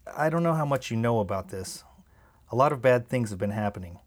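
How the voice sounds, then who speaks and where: A man's voice: medium pitch, expressive, fairly quick, natural voice. A man reading the part of a nervous, fidgety father who speaks hesitantly. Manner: hesitant, then bursting out.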